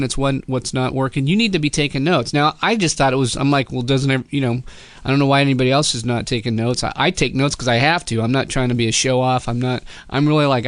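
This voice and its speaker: A middle-aged man from Southern California tells a personal story on his podcast in a loose, rambling way. His voice is smooth and resonant, and the recording is dry and close. He backtracks often and jumps up in pitch when he quotes others. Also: dry recording. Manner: rambling, self-correcting, quotes people in lively voices. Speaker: podcast host. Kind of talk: casual storytelling.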